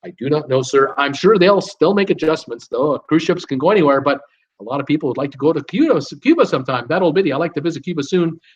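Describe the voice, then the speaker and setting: A man's voice: a little high, animated, fast talker, husky. A man hosting a live stream, reading viewer comments aloud and answering them in an upbeat way with many fillers. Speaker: host of a live cruise show. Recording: dull lo-fi stream audio.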